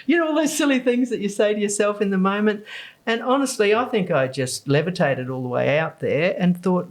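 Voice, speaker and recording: A woman in her sixties with an Australian accent, a podcast guest telling her story with lively acted-out quotes. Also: lowish voice, normal speed. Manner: animated storyteller, acts out quoted lines.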